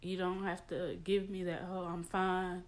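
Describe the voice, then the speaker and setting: A woman's voice: lowish voice, level tone, a little slow. A young adult woman hosting a personal podcast, talking in a confiding, emotional way with many fillers. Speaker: podcast host. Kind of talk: casual personal podcast talk.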